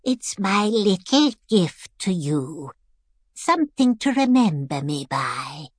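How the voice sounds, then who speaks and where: A woman voicing a frail, bedridden old woman who is mischievous and sharp-tongued, giving bossy orders in a teasing way. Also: mid-range voice, sing-song, slow pace, husky, dry recording, studio quality, heavily acted. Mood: conspiratorial.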